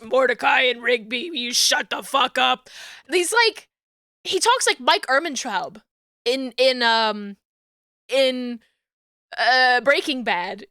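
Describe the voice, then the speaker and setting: A young woman streamer chats casually and rambles, giggling and swearing along the way. Her high, clean voice moves at an unhurried pace, sounding pushed and bright. The audio is dry and close, with no room sound.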